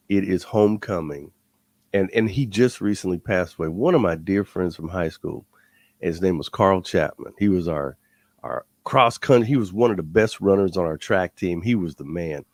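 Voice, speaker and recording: A man, a guest, telling stories in an animated way and often repeating words as he builds up. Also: deep voice, no echo. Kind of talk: animated storytelling.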